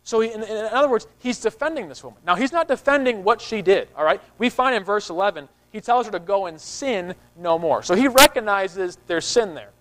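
A man's voice: high-pitched, expressive, fairly quick, few pauses, fairly bright tone, poor audio. A man preaching a sermon in a conversational way, often repeating words and acting out the people in the story. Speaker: pastor.

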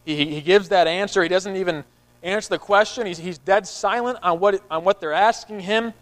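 A man's voice: high voice, a little fast, a bit bright, low-quality recording. A man preaching a sermon in a conversational way, often repeating words and acting out the people in the story. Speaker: pastor.

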